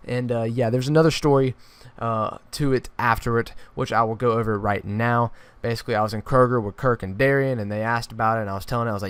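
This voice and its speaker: A young man, telling a true story for his vlog in an animated way, often restarting his sentences. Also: mid-range voice, fast talker, clean tone, no echo. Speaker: YouTuber.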